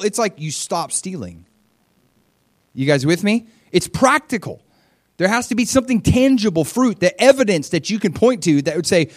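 This pastor's voice is high, and he keeps a moderate pace. Speaking conversationally, he reads from scripture and brings the people in his sermon to life by animatedly voicing their quotes.

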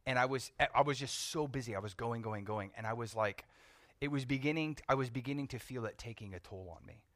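Animated man telling a testimony. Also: medium pitch, a little fast, no room sound. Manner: animated storytelling, swings from hushed to loud. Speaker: preacher. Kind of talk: testimony sermon.

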